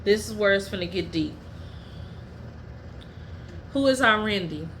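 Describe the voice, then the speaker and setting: A woman hosting her own podcast, telling personal stories in a blunt, profane and heated way, at times dropping low and quiet. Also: lively intonation, a little slow, a little hiss or hum. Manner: drops low and quiet when telling family matters. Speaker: podcast host. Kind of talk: candid personal storytelling.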